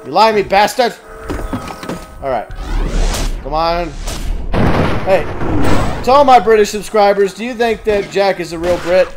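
A man hosting a casual gameplay commentary, cursing and yelling at the game. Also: high-pitched, lively intonation, a little slow, pauses often, over music. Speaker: gaming let's-play host.

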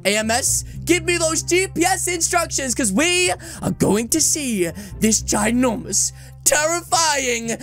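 A woman hosting a game video with excited commentary. She addresses viewers as "ladies and gentlemen" and breaks into shouts and sing-song lines. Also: sits high. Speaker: gaming video host. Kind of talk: excited let's-play commentary.

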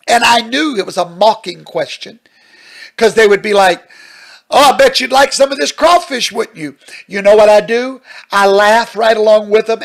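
A man's voice: high-pitched, vocal fry, low-quality recording. A male pastor teaching at a Bible study question and answer session, earnest and emphatic, often checking in with "Amen?".

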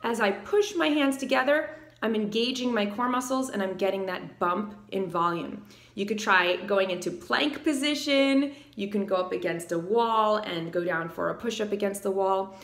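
A woman vocal coach with a low alto voice explaining singing technique and singing short demonstration phrases. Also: moderate pace, echoey room. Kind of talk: singing tutorial.

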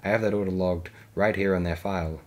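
A man voices a nervous young communications officer reporting to his commander. The voice rises higher than the narration and sounds hesitant. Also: steady tone, quick pace.

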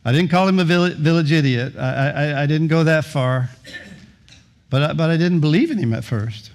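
Preaching at a normal speed, this middle-aged man's voice runs on the high side. As a pastor, he narrates an anecdote, performing the voices of its characters and frequently repeating words at the start of sentences.

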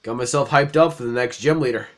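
A man's voice: medium pitch, fast. A young man hosting a let's-play, chatting casually, laughing easily and swearing freely at a desk mic. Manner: loud, giggly and swearing freely. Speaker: gaming channel host.

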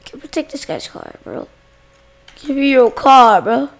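A woman with a fairly high voice and a gravelly, fry-laden edge talks slowly through casual let's-play commentary. She chats to her viewers between moments of yelling at game characters. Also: big pitch swings. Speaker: gaming channel host.

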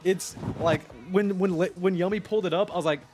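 A young man chatting on a live stream, rambling excitedly, swearing and talking to his chat. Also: high-pitched, fairly quick, music in the background.

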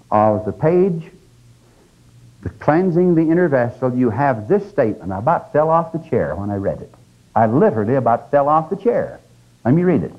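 Guy giving a fervent religious lecture, mid pitch, muffled old tape sound. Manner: earnest, exhorting, with sudden rises in pitch and stress; slows down for quoted scripture and sayings. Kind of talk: recorded lecture to a live audience. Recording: dull lo-fi 1989 lecture tape.

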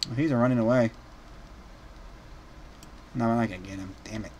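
A young man hosting a let's play, excitable, shouting and laughing as he comments on the game. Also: mid-range voice, moderate pace, slight background noise. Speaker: gaming channel host.

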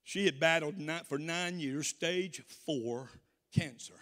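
A Southern-accented man delivers a sermon in a high, ringing voice. He calls to the congregation for amens and climbs into shouted praise. The sound carries a long church-hall reverb. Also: takes it slowly. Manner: call-and-response preaching, rising to shouts. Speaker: preacher.

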